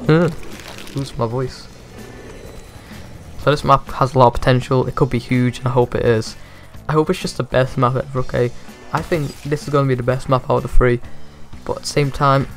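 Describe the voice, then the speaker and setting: Young guy gaming youtuber, hyped and jokey, rambles a lot, mid pitch, soft music underneath. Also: steady tone, moderate pace. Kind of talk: excited game commentary.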